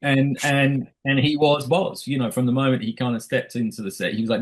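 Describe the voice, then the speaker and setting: A middle-aged man talks at an ordinary pitch in a loose, rambling way. He keeps restarting his sentences and acts out short quoted asides as he tells behind-the-scenes stories in an interview. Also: fairly even intonation, fairly quick, poor audio. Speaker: film director. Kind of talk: casual interview chat.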